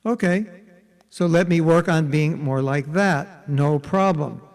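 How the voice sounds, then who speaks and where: Guy teaching a spiritual workshop, chatty, keeps checking in with the group, bit high and gravelly. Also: slow, in a large hall. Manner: conversational, often checks in with the listeners. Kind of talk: interactive spiritual workshop talk.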